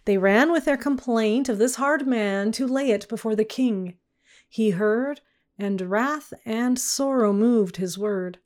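A woman reads a long narrative poem aloud in measured, archaic verse. Her pace is slow and deliberate. Her voice sits somewhat high. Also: a little mellow. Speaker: reader.

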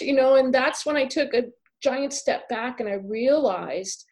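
A woman's voice: sits high, a little slow, few pauses, darkish tone, rough recording. A woman author speaking as a guest in a podcast interview, earnest and storytelling, with many "you know" fillers. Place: home office on a farm.

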